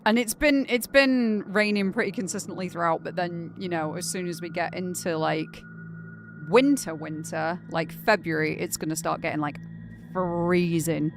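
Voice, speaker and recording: A woman's voice: on the low side, normal speed, noisy background. A young woman from Greater Manchester with a Northern English accent, chatting casually and rambling with lots of fillers while live streaming a game. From Greater Manchester, England.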